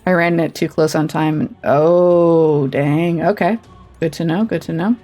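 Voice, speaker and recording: A woman's voice: deep voice, steady tone, unhurried, warm tone, soft background music. A woman streaming a video game, chatting casually and thinking aloud with self-deprecating asides. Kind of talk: casual let's-play commentary.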